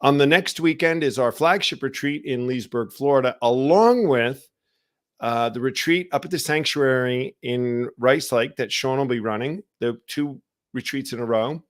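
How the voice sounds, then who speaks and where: A man with a medium-pitched voice and moderate pace hosts a live online recovery show. He talks casually, as in a live stream, and greets viewers by name.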